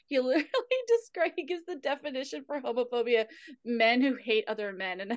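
A woman's voice: a little high, a little fast, no echo, studio quality. Giggly swearing podcast woman. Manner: animated, giggly, swears casually. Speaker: podcast co-host. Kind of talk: casual recap chat.

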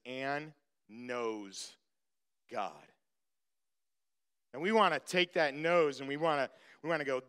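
A man's voice: fairly high pitch, sharp tone, clear, resonant tone. A man preaching a sermon as pastor, emphatic, repeating phrases and speaking straight to the congregation.

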